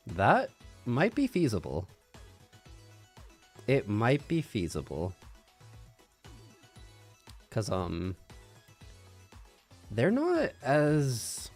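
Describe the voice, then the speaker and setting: Low-ish guy rambling on stream, bouncy up-and-down voice, binaural mic, faint music. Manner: rambling, thinks aloud with hums and little laughs. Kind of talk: casual chat. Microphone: binaural microphone.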